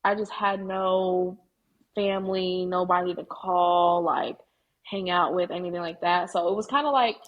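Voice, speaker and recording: A woman in her twenties, a graduating student, tells candid stories as a casual interview guest, saying "like" often. Her voice is on the low side, fairly even and unhurried, and the sound is lo-fi.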